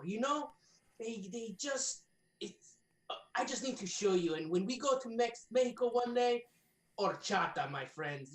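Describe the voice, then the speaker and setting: A woman's voice: medium pitch, recorded from a distance, natural voice. A woman voicing an earnest, cheerful hero with a hammy put-on Russian accent, in a roomy space. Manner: hammy, sincere speeches. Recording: roomy echo.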